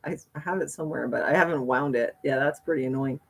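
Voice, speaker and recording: A woman's voice: extremely low pitch, fast talker, creaky, breathy edge. A woman hosting a casual livestream, chatting in a rambling way with frequent laughs. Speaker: livestream host.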